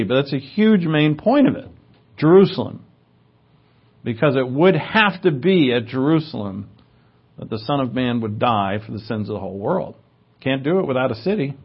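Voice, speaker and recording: A male preacher delivers sermon teaching in a relaxed, conversational style, drifting into asides and using filler words. His husky voice sits at an ordinary middle pitch, with lively intonation and a moderate pace. The recording is slightly muffled and lo-fi.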